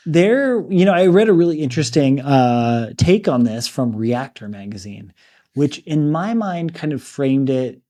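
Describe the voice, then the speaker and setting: A man's voice: a little high, animated, measured pace, mellow. A man co-hosting a book podcast, retelling a story in a loose, chatty way full of "like" and "you know". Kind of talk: casual book discussion.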